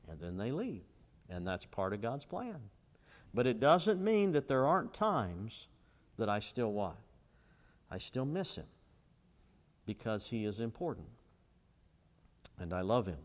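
A middle-aged man preaching a sermon, asking the crowd questions and swinging between loud and quiet. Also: very animated, measured pace, long pauses. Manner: call-and-response questions, dramatic swings in pitch and volume. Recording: long hall reverb.

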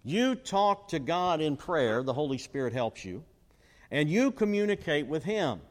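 A middle-aged man preaching a sermon, asking the crowd questions and swinging between loud and quiet. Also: very animated, measured pace. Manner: call-and-response questions, dramatic swings in pitch and volume. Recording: long hall reverb.

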